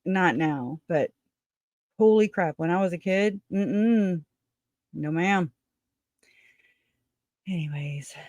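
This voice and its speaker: A woman's voice: on the low side, slow, pauses often, darkish tone, no echo, highs cut off. A woman hosting a casual livestream, rambling, chatting with viewers and laughing often. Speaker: livestream host.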